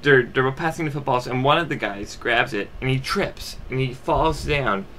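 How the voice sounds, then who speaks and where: A man's voice: mid-range voice, moderate pace, sharp tone, slight background noise. A young man giving a casual movie review, rambling with lots of fillers and restarts.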